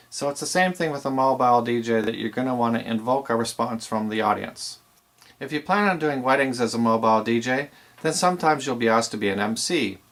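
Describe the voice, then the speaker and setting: A man's voice: medium pitch, a bit bright. A man teaching aspiring DJs in a plain, explanatory way with some fillers. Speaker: DJ instructor. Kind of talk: instructional video talk.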